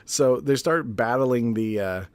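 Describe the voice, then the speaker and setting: A man's voice: medium pitch, a little slow, darkish tone, smooth, no echo. A man casually recapping a TV episode in a chatty review, laughing often and swearing freely.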